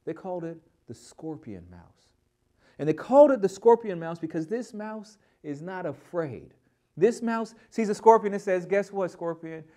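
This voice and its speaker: Guy preaching a bible lesson, pretty high voice, fired up, stumbles and repeats words. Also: moderate pace. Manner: energetic, emphatic, repeats words when starting phrases. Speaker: pastor teaching a Bible lesson. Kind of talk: sermon.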